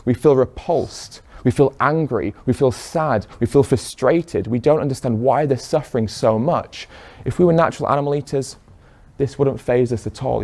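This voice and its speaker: Male speaker, mellow mid-range voice, persuasive talk that keeps questioning the audience. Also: medium pitch. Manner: poses rhetorical questions to the audience; speaks directly to listeners in a room.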